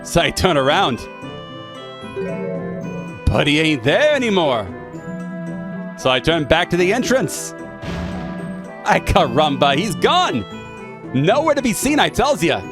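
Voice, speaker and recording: A bragging magic shopkeeper with a put-on British accent voiced by a man, pitched up and swooping wildly. He crows about his wares over video game music. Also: very animated, slow, pauses often, full character voice. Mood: indignant. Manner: brash, bragging, "I tells ya". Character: boastful cheap male magic shopkeeper, middle-aged.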